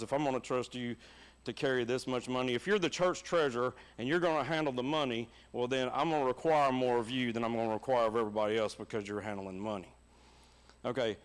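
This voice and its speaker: A middle-aged man with a Southern American accent, preaching a sermon and telling funny personal stories in a folksy, animated way. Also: medium pitch, clear, resonant tone. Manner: folksy and animated, laughing at his own stories. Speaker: pastor. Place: church.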